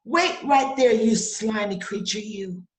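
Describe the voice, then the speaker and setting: A woman's voice: medium pitch, unhurried, close to an everyday voice. A woman playing a man indignant at a snake in his garden, blustering in theatrical rhyming outbursts, in an audio theater play. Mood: outraged. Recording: roomy echo.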